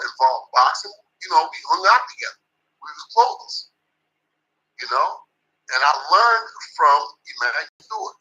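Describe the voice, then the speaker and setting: A man's voice: on the high side, bright, forceful tone, poor audio. An older man, a boxing trainer, telling stories in an interview in an emphatic, profane, repetitive way. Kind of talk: storytelling interview.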